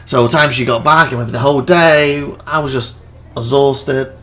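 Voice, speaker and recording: A man's voice: mid-range voice, fairly even intonation, moderate pace, pushed and bright. A young man hosting a let's play, rambling through anecdotes and acting out quotes with laughs. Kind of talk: casual chat over gameplay.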